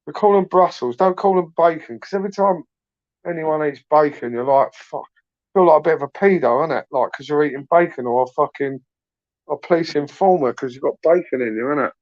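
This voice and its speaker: Speaking a little fast in a higher but darkish-toned voice, a British man hosts a late-night YouTube live stream. He rambles casually in slangy British English, swearing freely and tagging questions onto what he says. The sound is lo-fi, with no room sound.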